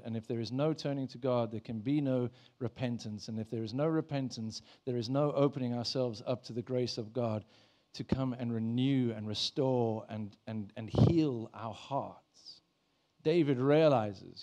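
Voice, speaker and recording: A man's voice: medium pitch, warm tone. A man, a pastor, preaching a sermon in a church in a conversational way, asking the congregation questions.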